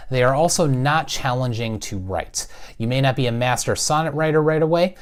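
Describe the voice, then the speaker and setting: Male teacher, mid-range voice, clear and patient explainer. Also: mid-range voice. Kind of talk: recorded classroom lesson.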